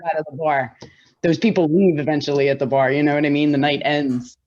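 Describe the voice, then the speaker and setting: A woman's voice: low-pitched, steady tone, brisk, a little mellow, highs cut off. A woman co-hosting a podcast in casual chat, blunt and swearing freely, often laughing. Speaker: podcast co-host.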